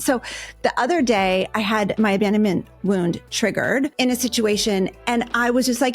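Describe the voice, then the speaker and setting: A woman's voice: mid-range voice, normal speed, faint music behind. A woman hosting a podcast in a casual, reflective way, encouraging her guest and repeating phrases for emphasis. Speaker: podcast host. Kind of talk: casual conversation.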